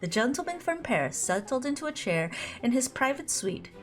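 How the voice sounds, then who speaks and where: A woman's voice: high-pitched, big pitch swings, fairly quick, soft background music. A woman streaming a visual novel, reading it aloud with giggly, chatty commentary. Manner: giggly, laughs often, chatty asides. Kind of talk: casual let's-play commentary and reading aloud.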